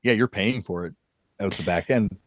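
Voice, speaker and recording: A man's voice: fairly low pitch, moderate pace, a little hiss or hum. A man hosting a podcast, telling rambling anecdotes in casual chat and laughing often. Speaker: podcast host.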